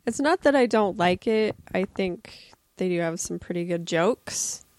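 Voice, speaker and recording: Woman in casual podcast chat, talks real slow and measured, dry sound. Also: lowish voice, expressive, darkish tone, dry recording.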